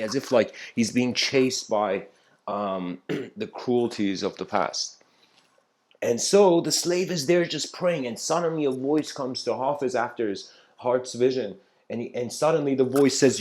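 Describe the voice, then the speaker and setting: A man's voice: medium pitch, unhurried. A man giving a spiritual talk, retelling an old story in a loose, conversational way with many fillers and restarts.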